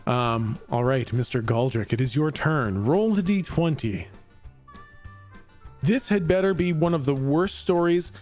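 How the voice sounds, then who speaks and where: A man's voice: on the high side, animated, unhurried, darkish tone, soft background music. A man running a tabletop game as game master, laughing often and improvising with lots of fillers.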